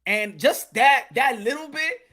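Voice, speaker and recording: A man hosting a boxing commentary vlog, talking in an animated, slangy, joking way and often repeating himself. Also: very high-pitched, unhurried. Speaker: boxing channel host.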